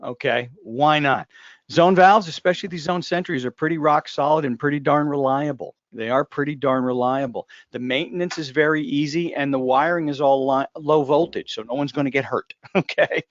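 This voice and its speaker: A man's voice: on the high side, moderate pace, no echo, highs cut off. A man hosting a casual live discussion, talking in a joking, rambling way full of asides and restarts. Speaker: host.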